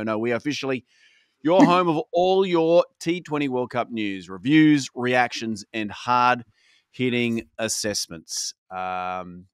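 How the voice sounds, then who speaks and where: A man hosts a podcast with a joking, emphatic delivery. His voice is smooth and resonant, sits at a middle pitch, and sounds dry and close to the mic. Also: fairly bright tone, no room sound. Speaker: podcast host. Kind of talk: comedic podcast intro.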